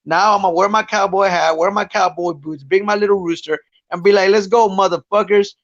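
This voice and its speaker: A man's voice: high-pitched, steady tone, fairly quick, fairly bright tone, no room sound, muffled recording. A man, a guest fighter, chatting bluntly and profanely on a podcast, rambling through his points. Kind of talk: casual podcast chat.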